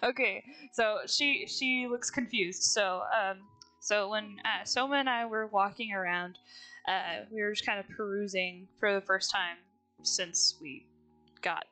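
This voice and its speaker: A woman's voice: medium pitch, measured pace, bright, forceful tone, faint music behind. A woman artist chatting casually with a friend while drawing, laughing often and speaking bluntly with some swearing. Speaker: artist streamer.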